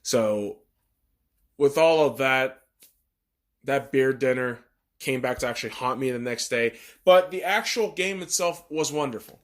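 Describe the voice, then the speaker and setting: A man's voice: medium pitch, unhurried. A man hosting a podcast, talking in a blunt, profane, ranting monologue. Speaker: podcast host.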